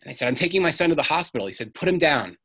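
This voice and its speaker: A man's voice: fairly high pitch, very animated, very fast, a bit bright. A middle-aged man giving an earnest storytelling talk on stage, acting out the voices he quotes. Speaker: speaker.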